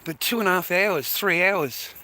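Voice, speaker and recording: A weary, middle-aged Australian man talks straight into his phone while he walks outdoors, rambling and cursing as he calls his viewers mate and boys. His voice sits a little high and comes across forceful and bright. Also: normal speed. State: tired. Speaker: vlogger. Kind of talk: casual rambling monologue to viewers. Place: outdoors, walking to a bus stop early in the morning.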